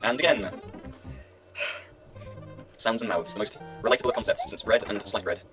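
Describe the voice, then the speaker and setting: A man's voice: fairly low pitch, wildly swooping pitch, moderate pace, music in the background. A man giving rambling, self-mocking commentary while he plays a video game, talking half to himself. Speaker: let's play gamer.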